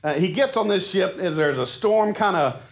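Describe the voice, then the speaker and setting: A man in his forties preaching a sermon in a casual, animated storytelling way, acting out the quotes he tells. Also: high voice, moderate pace. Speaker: pastor.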